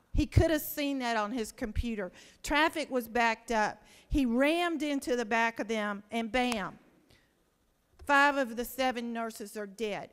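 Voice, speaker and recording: A woman state senator delivers an impassioned floor speech in a smooth, high voice, pleading and posing rhetorical questions. The large legislative chamber gives her words a long reverb.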